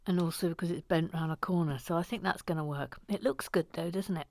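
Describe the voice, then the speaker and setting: A woman from Deeside hosting a Lego building channel, chatting gently and self-deprecatingly as she reads viewer comments, sometimes dropping to a whisper. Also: on the low side, quick pace. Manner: soft-spoken, gentle, self-deprecating, drops to a whisper at times. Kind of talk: casual chat while building and reading comments.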